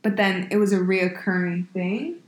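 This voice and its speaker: A young woman in casual podcast chat, speaking softly and reflectively. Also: mid-range voice, fairly even intonation, normal speed, reverberant. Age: young adult.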